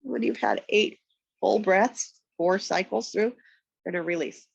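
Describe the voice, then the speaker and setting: A woman's voice: medium pitch, vocal fry, breathy edge, no echo, poor audio. Congested woman guiding a yoga session. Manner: slow, calm step-by-step cues. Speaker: yoga instructor. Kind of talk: guided yoga instruction. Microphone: external mic nearby.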